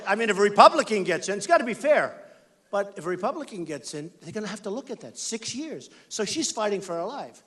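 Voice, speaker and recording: In a large indoor venue, an American man running for office speaks into a stage microphone with a high-pitched, fairly bright voice. His rally speech is emphatic and full of repetition.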